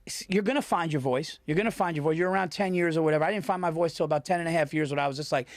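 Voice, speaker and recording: A man hosting a podcast, talking in animated casual chat, swearing freely and acting out quoted lines. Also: a little high, rapid-fire, no echo, clean studio sound. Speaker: podcast host and comedian.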